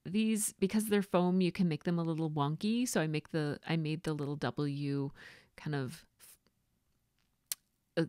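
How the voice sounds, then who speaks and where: A woman chatting casually in a voice-over as she narrates her scrapbooking process, rambling a little and filling pauses with fillers. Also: low voice, a little mellow, no room sound, clean studio sound. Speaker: scrapbooking vlogger.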